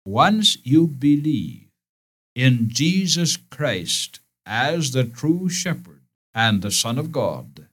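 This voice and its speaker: Slow, earnest male preacher. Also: medium pitch, big pitch swings, a bit bright. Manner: earnest, emphatic, addresses listeners directly; deliberate, repeats key phrases. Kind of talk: sermon.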